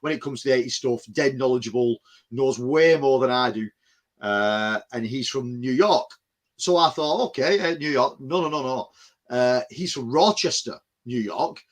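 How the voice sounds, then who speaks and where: A man's voice: medium pitch, lively intonation, moderate pace. Casting: man, podcast host, rambling casual talker. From England. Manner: rambling, many restarts and "you know what I mean". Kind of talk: casual chat.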